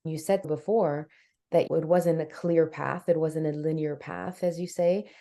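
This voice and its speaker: A woman hosting a conversation in a low voice with a relaxed, mellow tone. She muses aloud and asks long, winding questions. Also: unhurried. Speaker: podcast host. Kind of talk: reflective interview talk.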